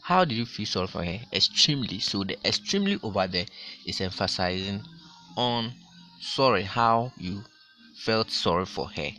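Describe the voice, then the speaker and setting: A man teaching a grammar lesson to his class, explaining slowly and repeating his examples with strong stress. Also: on the low side, lively intonation, sharp tone, soft background music. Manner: slow, repetitive explaining with emphatic stress.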